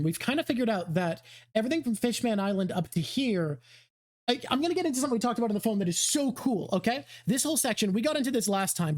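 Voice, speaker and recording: A woman hosting a live stream with a stuffy nose, explaining her ideas quickly and enthusiastically. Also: medium pitch, darkish tone. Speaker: host. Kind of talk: casual chat on a live stream.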